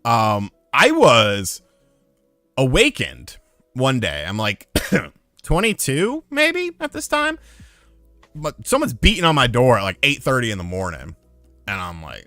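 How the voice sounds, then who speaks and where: A man's voice: medium pitch, moderate pace, no room sound, soft background music. A man casually telling a story on a stream, swearing a lot and acting out the dialogue. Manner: profane, animated, acts out dialogue.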